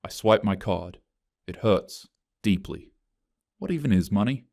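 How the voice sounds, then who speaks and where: A man's voice: fairly low pitch, expressive, unhurried, gravelly, darkish tone, no echo. A man narrating a scripted first-person story in short, dry, clipped phrases.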